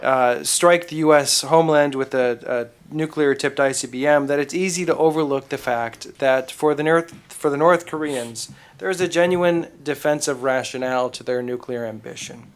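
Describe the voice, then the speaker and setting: Measured man giving academic panel remarks. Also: on the high side, clear, resonant tone. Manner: measured, with small repetitions.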